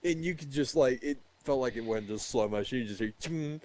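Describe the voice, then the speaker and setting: A man's voice: medium pitch, fast talker, a little hiss or hum. A man casually telling a story among friends, swearing freely and laughing often. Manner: profane, animated, laughs often.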